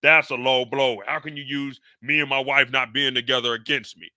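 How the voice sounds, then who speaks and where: A man voicing an indignant middle-aged father who lectures loudly. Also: mid-range voice, fairly even intonation, normal speed, no room sound, clean studio sound. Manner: loud, pleading, lecturing.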